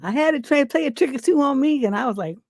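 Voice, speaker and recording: A woman's voice: high voice, lively intonation, fast talker, creaky, no echo, studio quality. Laughing woman hosting a live stream. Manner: laughs often, reacts loudly, quotes people in playful voices. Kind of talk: casual live stream chat.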